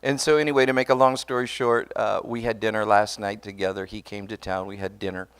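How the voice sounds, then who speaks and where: A man's voice: on the low side, steady tone, fairly quick, a bit bright, smooth. A pastor telling a personal story in a sermon, conversational and earnest, often restarting his words and speaking straight to the congregation. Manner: addresses the congregation directly.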